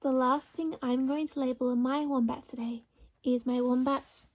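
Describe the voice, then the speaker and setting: A woman teaching a phonics lesson to young children, slowly sounding out words syllable by syllable. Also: sits high, fairly even intonation. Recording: dull lo-fi recording.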